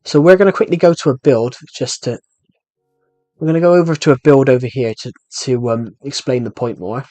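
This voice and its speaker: A man's voice: mid-range voice, fairly quick, warm tone, no echo, soft background music. Rambling young British gaming streamer, man. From Britain. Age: young adult. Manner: rambling, self-deprecating, many restarts. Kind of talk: casual gameplay commentary with live chat. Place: room at home.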